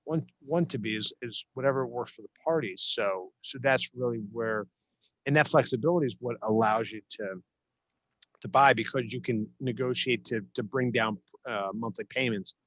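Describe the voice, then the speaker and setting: Man, from south jersey, interview guest, relaxed, restarts sentences, average pitch, dry recording. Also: normal speed, no echo. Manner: relaxed, many restarts and fillers, chuckles often. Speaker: interview guest, investor and attorney. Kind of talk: casual interview chat.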